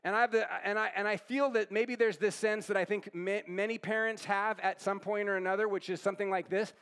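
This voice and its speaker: A man with a high voice gives a conversational sermon. He keeps asking his listeners questions, echoes their answers back and tags his points with "right?". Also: fairly even intonation, brisk, few pauses, a bit bright, clear, resonant tone. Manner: asks the audience questions and repeats their answers. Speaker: pastor. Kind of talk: interactive sermon.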